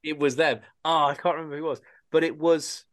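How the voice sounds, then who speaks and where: A man's voice: a little high, level tone, fast talker, a bit bright. A man co-hosting a podcast in casual chat, rambling and searching for his words as he talks. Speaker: podcast co-host.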